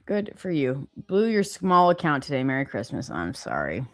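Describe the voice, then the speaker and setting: A woman's voice: very deep voice, wildly swooping pitch, moderate pace, no room sound, soft background music. A woman hosting a live trading stream, chatting casually, reading viewer comments and laughing often. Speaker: livestream host.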